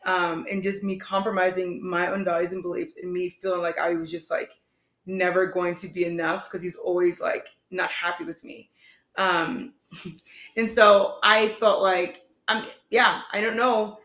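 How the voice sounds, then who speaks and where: A woman's voice: fairly low pitch, little pitch movement, unhurried, a bit bright. A young woman co-hosting a podcast, telling a personal story in casual, rambling chat, full of "like". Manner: earnest, rambling, heavy use of "like". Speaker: podcast co-host. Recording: echoey room.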